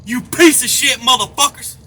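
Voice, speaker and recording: A man's voice: extremely high pitch, normal speed, pushed and bright, breathy edge. A middle-aged man, ranting angrily and profanely to the camera. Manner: heated, profane, repetitive. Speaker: vlogger. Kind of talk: angry rant to camera. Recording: faint background noise.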